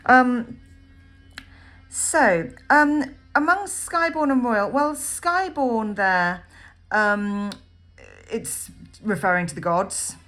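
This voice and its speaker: A woman teaching a poem in a recorded lesson, thinking aloud with frequent ums and pausing as she annotates notes on the page. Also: mid-range voice, animated, a bit bright, soft background music. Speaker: literature teacher. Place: at a desk writing notes.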